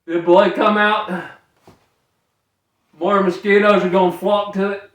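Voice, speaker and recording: A man's voice: sits high, flat delivery, takes it slowly, a bit bright. A man with a Southern US accent, chatting casually and jokingly as a DIY vlogger. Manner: playful, jokey, mimics animal calls. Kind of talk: casual vlog chat. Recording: echoey and distant from the mic.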